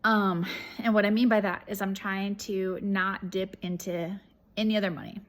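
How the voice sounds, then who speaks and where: A woman's voice: medium pitch, fairly even intonation, normal speed. A woman chatting casually in a vlog update, rambling with fillers and restarts, her throat a bit irritated. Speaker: reseller vlogger.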